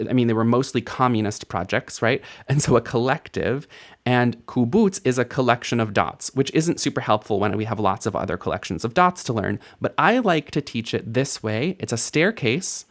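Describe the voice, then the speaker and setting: A man teaching a recorded language lesson, playful and self-mocking, laughing at his own jokes. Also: mid-range voice.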